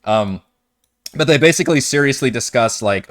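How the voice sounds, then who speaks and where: A man's voice: fairly low pitch, normal speed, a bit bright. A man narrating a tabletop game as game master in a casual, rambling way with frequent fillers, over an online voice call.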